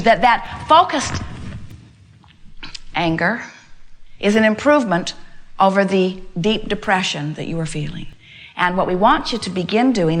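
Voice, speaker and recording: An older woman delivers an inspirational spiritual talk to a gathered audience. Her voice sits a little high for a woman. She is emphatic and repetitive and speaks as "we" to her listeners. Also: a bit bright.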